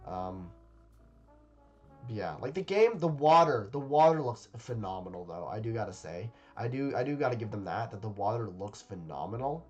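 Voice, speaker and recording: A man's voice: on the low side, lively intonation, moderate pace, muffled recording, soft background music. A man reacting to a game trailer in casual commentary, rambling and hesitant with lots of fillers and repeated words, recorded at a home webcam setup.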